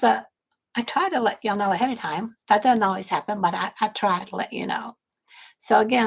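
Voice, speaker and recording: Older woman from Texas, livestream host, gravelly, slightly husky, rambling chatty talk. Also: fairly high pitch, rough recording. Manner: chatty, rambling, self-correcting, warm-hearted talk to viewers. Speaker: livestream host and business coach. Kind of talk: casual livestream chat.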